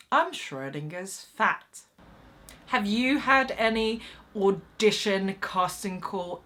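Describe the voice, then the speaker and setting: Woman vlogger telling embarrassing stories, unhurried, bright voice, pitch bouncing all over. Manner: animated, self-mocking and wry. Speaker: actress vlogger. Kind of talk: casual storytelling to camera.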